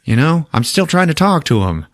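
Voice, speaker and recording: A man voicing a rambling, flamboyant male alien ruler who talks in fillers and drawn-out asides. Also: on the high side, very animated, dry recording, clean studio sound, pitched above the performer's own voice. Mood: exasperated.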